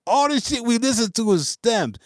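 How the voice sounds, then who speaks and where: A beatmaker hosting his own channel rants unscripted to camera about music gear in a very high-pitched voice. He swears freely, laughs, and mimics his critics. The sound is clean studio audio with no echo.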